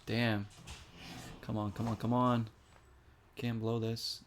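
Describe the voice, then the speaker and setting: A man's voice: medium pitch, level tone, slow, slight background noise. A man giving casual, chatty commentary while playing a video game and reacting aloud to each shot. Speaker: gaming streamer.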